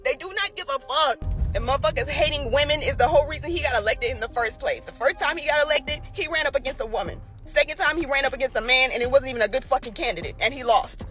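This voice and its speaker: A woman's voice: sits high, a bit bright, soft background music. A woman venting on social media, swearing and incredulous. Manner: fast, profane, incredulous. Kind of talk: upset social media rant.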